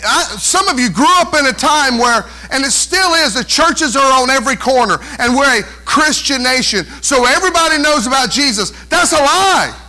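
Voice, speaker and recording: A man's voice: very high-pitched, lively intonation, moderate pace, few pauses, sharp tone, rough recording. A man preaching a sermon as pastor of a church, emphatic, with many rhetorical questions.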